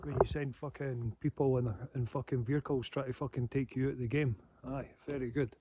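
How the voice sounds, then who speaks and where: A man's voice: medium pitch, steady tone, a little fast, lo-fi sound, noisy background. A man rambling in a casual monologue, swearing heavily and laughing to himself. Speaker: paranormal channel host.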